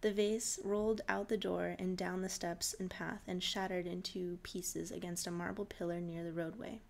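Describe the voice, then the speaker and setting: A woman reading a short fairy tale aloud in a relaxed, informal way, laughing off her slips. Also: on the low side, moderate pace, gravelly. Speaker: storyteller.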